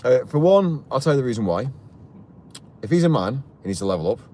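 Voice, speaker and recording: A man's voice: medium pitch, big pitch swings, fairly quick, dark tone, a little hiss or hum. A man hosting a live stream from a vehicle, ranting heatedly and repeating himself. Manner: heated, indignant, repetitive ranting.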